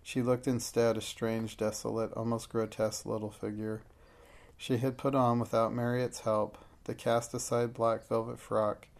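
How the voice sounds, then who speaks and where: Gravelly male audiobook narrator. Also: medium pitch, flat delivery, normal speed. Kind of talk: scripted narration.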